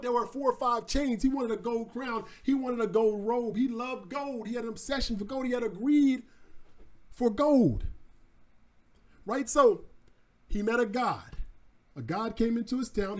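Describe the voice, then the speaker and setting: A man's voice: very high-pitched, darkish tone. A man teaching about trading through a story, in a casual, slangy, repetitive way. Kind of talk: storytelling lesson.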